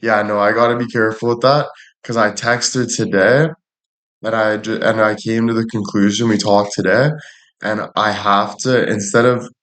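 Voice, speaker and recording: Streaming live from an echoey room, a man with a lowish, slightly bright voice talks at normal speed in a level tone. The casual chat is full of jokes, free cursing and thank-yous to viewers by name.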